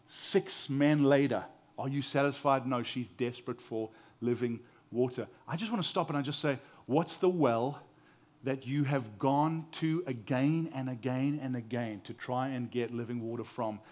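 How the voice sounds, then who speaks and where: A man with a South African accent preaches a sermon at medium pitch. He sounds earnest and expressive, his emphasis rising and falling.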